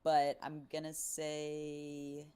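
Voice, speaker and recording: A woman's voice: sits low, completely flat delivery, extremely slow, warm tone, clear, resonant tone. A woman producer casually explaining how she mixes a vocal, talking with lots of fillers. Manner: chatty, explains with fillers, calls out numbers. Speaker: music producer teaching mixing. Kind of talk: casual studio tutorial.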